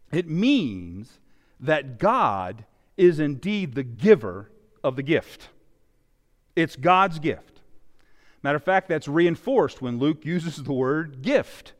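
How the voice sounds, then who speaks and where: A male pastor preaching a sermon, with animated emphasis that swings loud and soft. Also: a little high. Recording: long reverb of a large hall.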